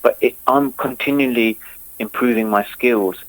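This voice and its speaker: A man from England, a former cricketer, talking in a casual interview with a halting delivery full of restarts and fillers. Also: medium pitch, fairly bright tone, dry recording, rough recording. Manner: halting, repeats words, many fillers.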